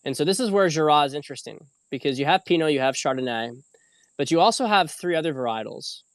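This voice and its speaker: A man's voice: a little high, expressive, fast talker, no room sound. A man hosting a casual livestream, rambling loosely with frequent fillers and the odd swear word. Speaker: host.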